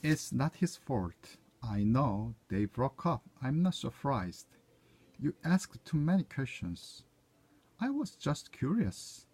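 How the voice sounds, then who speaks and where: A man's voice: mid-range voice, lively intonation, slow pace, a little mellow, slight background noise. A man whose first language is Korean, reading short everyday English dialogue lines aloud one by one to proofread them, sometimes correcting himself. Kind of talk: reading practice phrases aloud.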